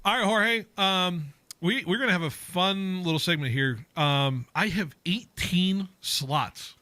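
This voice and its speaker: Man, sports radio host, casual chat, rambling, bright voice, dry studio sound. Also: high-pitched, measured pace, no echo. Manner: chatty, rambling, self-interrupting.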